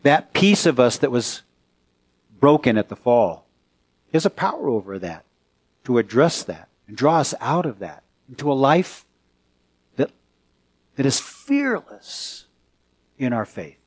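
A pastor preaching a conversational sermon in a church, turning to the congregation with questions. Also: male voice, medium pitch, very animated, moderate pace, long pauses, slightly rough.

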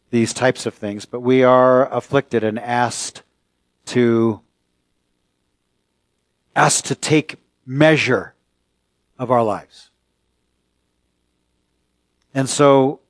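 A man preaching a sermon as pastor, earnest and emphatic, pausing mid-phrase. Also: mid-range voice, dry recording.

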